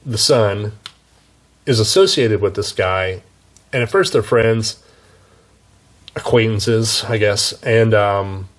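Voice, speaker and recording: A man reviewing books in a casual, chatty way, with wry asides and frequent self-corrections. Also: lowish voice. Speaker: book reviewer. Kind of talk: casual book review talk.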